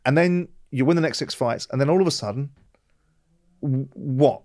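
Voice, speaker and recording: A man's voice: medium pitch, moderate pace, a little mellow, no room sound, studio quality. A man hosting an interview who asks blunt, challenging questions. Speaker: host.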